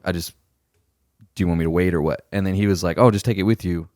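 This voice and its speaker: Fast-talking deep-voiced man telling stories. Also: dry recording, clean studio sound. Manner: animated storyteller, swears freely, acts out quoted superiors. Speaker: podcast co-host. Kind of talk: casual chat, storytelling.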